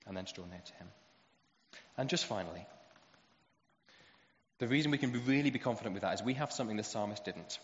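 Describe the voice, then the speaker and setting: A man preaching a sermon, animated as he acts out quoted voices. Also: fairly low pitch, slight background noise. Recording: roomy hall echo, dull lo-fi sound.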